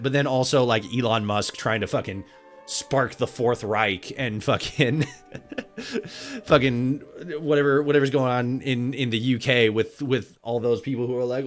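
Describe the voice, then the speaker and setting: A man streaming a game, chatting casually, rambling with many restarts and swearing constantly, bursting into loud excitement. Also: mid-range voice, measured pace, soft background music. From Europe. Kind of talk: casual livestream chat while gaming.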